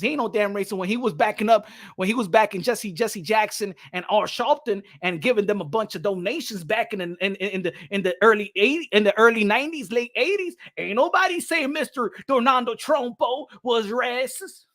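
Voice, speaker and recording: Animated, profane New York man. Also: high voice, a little fast. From New York City. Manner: animated, profane, laughs often. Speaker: boxing channel host. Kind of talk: casual rant to camera.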